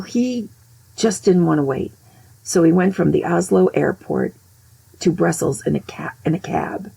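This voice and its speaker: An older woman tells stories in a casual, chatty flow, often restarting her sentences and adding asides. Her voice sits low and is full of gravelly fry. It is husky and dark, with a mellow, breathy tone. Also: low-quality recording. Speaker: host. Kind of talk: casual storytelling.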